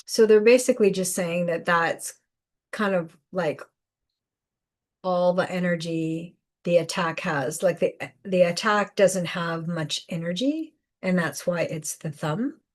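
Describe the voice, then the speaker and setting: A woman hosting a live spiritual guidance session, speaking softly with many fillers and repeated phrases. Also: fairly low pitch, unhurried. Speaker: intuitive guidance host.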